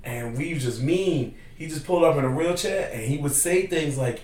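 A man's voice: a little high, normal speed, recorded from a distance. A man telling a story in casual chat, acting out quotes as he goes. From New York City. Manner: animated storyteller, acts out quotes. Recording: echoey room, off-mic, faint ambience.

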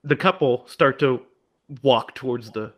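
A man co-hosting a podcast, casually retelling a horror film in an animated way and acting out the characters' lines. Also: mid-range voice, unhurried. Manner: animated, acts out characters' lines in put-on voices. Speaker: podcast co-host.

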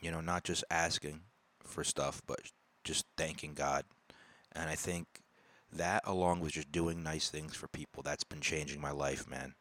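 A man hosting his own podcast in a casual, profane rant that swings between loud outbursts and low mutters. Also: steady tone, unhurried. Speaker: podcast host. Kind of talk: casual ranting monologue.

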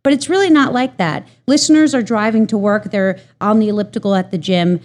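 A woman's voice: medium pitch, a little fast, a little mellow. A woman in her thirties, an audiobook narrator, answering interview questions in a chatty, easygoing way.

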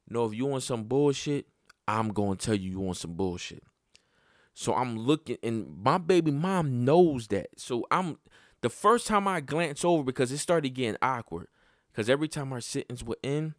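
A man tells a story about his child in blunt, casual talk full of swearing. His voice sits at a middle pitch and jumps high and loud when he gets heated. The recording is dry, with no room sound. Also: no echo. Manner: profane, blunt, conversational; voice climbs high and loud when worked up. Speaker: father telling a personal story.

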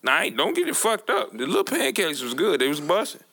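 A man's voice: high voice, fast talker, vocal fry. A man co-hosting a podcast, telling stories in casual, slangy, profane chat. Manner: animated storytelling, slangy and profane. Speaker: podcast co-host.

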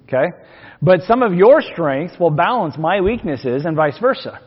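A man's voice: sits high, very animated, moderate pace, husky. A man preaching a sermon as pastor, folksy and joking between readings from scripture. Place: church sanctuary. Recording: long hall reverb, dull lo-fi sound.

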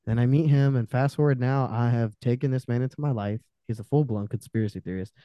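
A young man speaking as a podcast guest, his voice very dark and mellow. He tells raw personal stories, swearing freely and flaring loud before dropping almost to a murmur. The sound is close and dry with no room around it. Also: medium pitch, quick pace, no echo. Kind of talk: candid personal storytelling in conversation.

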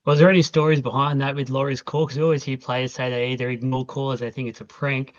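A man hosts a casual interview and asks long, winding questions. He talks at an ordinary mid pitch. The audio sounds muffled and lo-fi. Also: level tone, fast. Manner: chatty, long rambling questions. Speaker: interview host. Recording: dull lo-fi audio.

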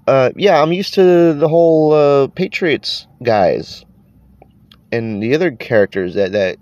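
A man's voice: mid-range voice, expressive, a little slow, darkish tone, no room sound, lo-fi sound. A man hosting a casual podcast, talking with a stuffy nose from allergies, tired, rambling and swearing as he trails off. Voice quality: congested, nasal. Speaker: podcast host.

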